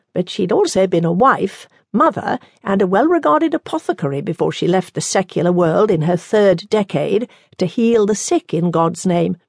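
A woman narrating an audiobook in a measured, even storytelling manner. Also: fairly low pitch, gravelly, breathy edge, dry recording, clean studio sound. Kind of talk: scripted narration.

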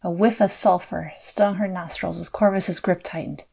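A woman narrating a fantasy audiobook in a measured, scripted storytelling style. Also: lowish voice, steady tone, vocal fry, darkish tone, breathy edge.

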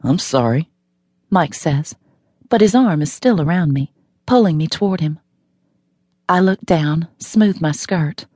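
A woman's voice: lowish voice, measured pace, pauses often, dark tone, no echo. A woman narrating a novel in the first person, wry and matter-of-fact, recorded in a studio. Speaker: audiobook narrator.

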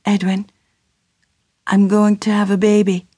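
Young working-class servant girl, soft and plain-spoken; a woman voices her in an audiobook. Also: mid-range voice, flat delivery, unhurried, husky, no echo, studio quality, voice pushed up. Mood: anxious.

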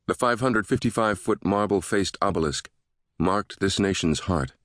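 A man narrating a thriller audiobook in a steady, measured way. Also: low voice, no echo, studio quality.

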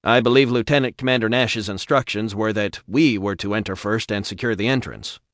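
A man's voice: on the low side, fairly quick, fairly bright tone, no room sound, studio quality, natural voice. A man voicing a polite but stubborn male sergeant in an audiobook. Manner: formal, polite objection.

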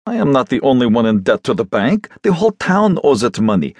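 A man's voice: sing-song, a little fast, a little mellow, husky, no echo. A man voicing a flustered male merchant in trouble, indignant and pleading, in an audiobook reading. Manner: indignant, pleading, rising to high exclamations.

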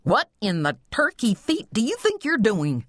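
A woman voicing a gruff, scolding older brother, a country teenage boy, in an audiobook. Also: mid-range voice, very animated, unhurried, dry recording, clean studio sound, voice pushed up. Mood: exasperated.

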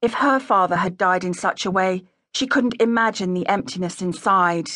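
Woman audiobook narrator, mid-pitched, smooth and even, dry studio sound. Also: moderate pace, dry recording. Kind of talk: scripted narration. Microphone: close studio mic. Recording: dry close-miked studio.

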